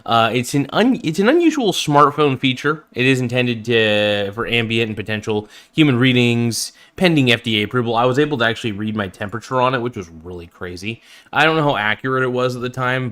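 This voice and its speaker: A man's voice: medium pitch, animated, fairly quick, a bit bright. Guy rambling thru a live phone review, lots of ums, super into the tech. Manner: rambling, lots of fillers and restarts; enthusiastic fan, easily impressed. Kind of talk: casual live-stream product review.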